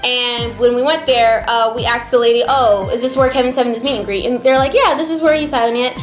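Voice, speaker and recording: Young female vlogger, slightly high voice, chatty and emotional, roomy echo with faint music behind. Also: fairly even intonation, fast talker. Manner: chatty, emotional, many fillers, near tears. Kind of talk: casual storytelling to camera. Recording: echoey room, faint background music.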